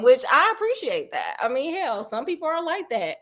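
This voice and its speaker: A woman's voice: high-pitched, very animated, normal speed, bright, forceful tone. A woman host telling a true story in a casual, sassy, chatty way, full of slang asides.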